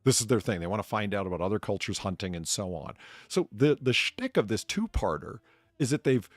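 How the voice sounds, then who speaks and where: A man's voice: lowish voice, big pitch swings, brisk, no echo. A man hosting a casual chat, telling stories animatedly and laughing often. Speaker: streamer bartender host.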